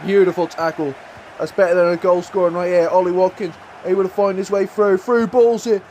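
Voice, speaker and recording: A young man commentating on his own football video game match, swinging from muttered play-by-play to shouted excitement. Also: high-pitched, a little fast, a little hiss or hum. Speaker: gaming YouTuber.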